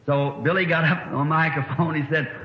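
A middle-aged man with a drawl delivers a rambling, folksy sermon story in a slightly high voice. The recording sounds old and dull, carrying a hall-like echo and a faint hiss behind him. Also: fairly even intonation, a little fast. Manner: folksy, rambling anecdotal preaching. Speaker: preacher.

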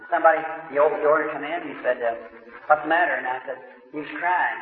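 A man's voice: a little high, fast talker. Man, folksy preacher, raised voice, old tinny recording from far off in a big echoing hall. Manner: folksy storytelling, quotes others in dialogue. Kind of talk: testimony sermon, storytelling.

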